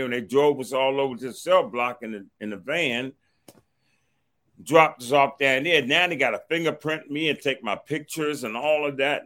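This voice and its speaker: A middle-aged man from Washington, D.C., telling a personal story, animated and acting out what others said. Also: mid-range voice. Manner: animated, acts out others' quoted words, repeats a stock phrase to move on. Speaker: storyteller recounting his past.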